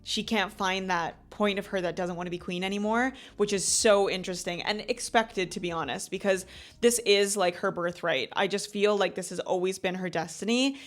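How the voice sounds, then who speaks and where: A woman's voice: mid-range voice, normal speed. A woman in her thirties hosting a book club, recapping chapters in a chatty, gushing way full of "like" fillers. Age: 30s.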